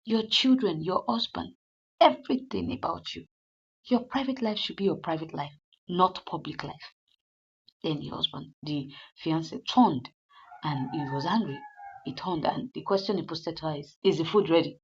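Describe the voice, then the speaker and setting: A woman's voice: low voice, lively intonation, moderate pace, breathy edge. A woman casually retelling a comedy episode as a reviewer, acting out the lines and turning emphatic and scolding. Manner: retells scenes in quoted character lines, grows emphatic and scolding. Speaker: movie reviewer. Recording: dull lo-fi sound.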